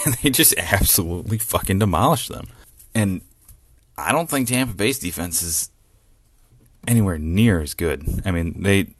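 A man hosting a solo sports podcast, talking excitedly and profanely and laughing often as he rants. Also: low voice, unhurried, pauses often. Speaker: podcast host.

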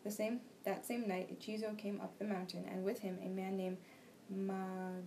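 A young woman reading a novel aloud for a class discussion, steady and plain, with small slips and restarts. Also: medium pitch, normal speed, low-quality recording. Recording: faint background noise.

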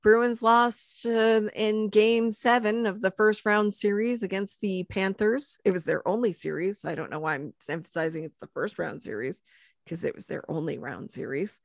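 A woman's voice: medium pitch, normal speed, vocal fry, no room sound, studio quality. A woman hosting a casual sports podcast, rambling and self-deprecating with lots of fillers. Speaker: podcast host.

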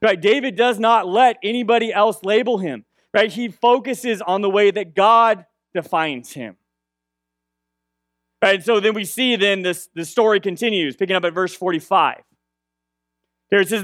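A man's voice: high-pitched, normal speed, fairly bright tone, no echo, studio quality. A young man preaching a conversational sermon, retelling a story and checking in with "right?" again and again. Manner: conversational, repeats "right?" often. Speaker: pastor.

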